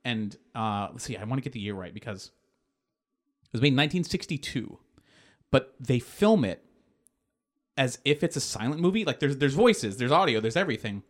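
A man in casual chat, rambling excitedly through a film story with filler words and swearing. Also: mid-range voice, moderate pace, long pauses.

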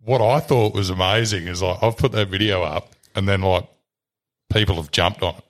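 A young Australian man with a fairly low voice chats as a podcast guest. He is relaxed and loose, swears freely and laughs along with his own stories. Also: normal speed. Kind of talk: casual chat.

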